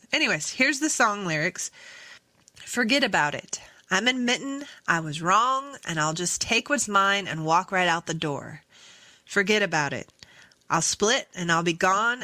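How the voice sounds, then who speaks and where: A woman's voice: medium pitch, dry recording. A woman hosting a casual solo podcast, rambling and chatty with many fillers and self-corrections. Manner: sings song lyrics softly. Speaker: podcast host.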